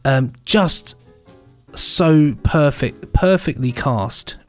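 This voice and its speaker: A man's voice: fairly high pitch, extremely slow, soft background music. An English man co-hosting a podcast, chatting enthusiastically and laughing often. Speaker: podcast co-host. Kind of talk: casual chat.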